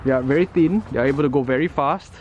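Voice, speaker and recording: A man's voice: medium pitch, fast, lo-fi sound, crowd noise. A man, explaining things step by step in a casual vlog, with fillers and self-corrections, outdoors at a water sports centre. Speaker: vlogger.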